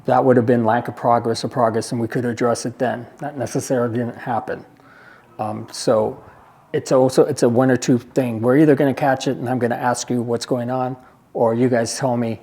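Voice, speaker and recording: A man's voice: medium pitch, little pitch movement, fairly quick, mellow, breathy edge. A man giving an informal briefing at an agency meeting, talking plainly, repeating his points and checking in with the room. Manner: conversational, repeats points, asks the room for questions. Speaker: presenter at a care agency meeting.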